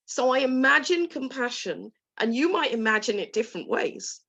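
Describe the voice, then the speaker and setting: A woman coach talking gently and soothingly to an online group, voicing soft inner dialogue. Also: high-pitched, lively intonation, moderate pace, vocal fry. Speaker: guest coach. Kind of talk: talk to a live online group.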